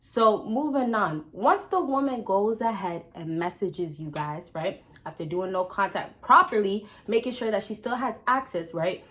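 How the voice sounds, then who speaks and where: A woman vlogger giving casual dating advice straight to her viewers, chatty and direct, often calling out to the guys and checking in with a quick question. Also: medium pitch, expressive, fairly bright tone. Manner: chatty, repeatedly addresses "fellas" and checks with "right?". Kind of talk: casual advice talk to camera.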